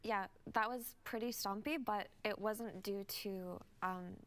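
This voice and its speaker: A woman at an esports broadcast desk breaks down what went wrong in a match. Her voice sits at an ordinary middle pitch, and she sounds relaxed and frank, thinking her points through aloud. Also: a little slow. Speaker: esports analyst. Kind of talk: desk analysis.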